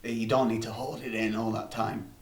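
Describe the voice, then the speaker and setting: A man's voice: lowish voice, level tone, moderate pace. A man rambling through a comic anecdote, swearing freely and restarting his sentences. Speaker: comedy storyteller. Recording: roomy room, distant mic.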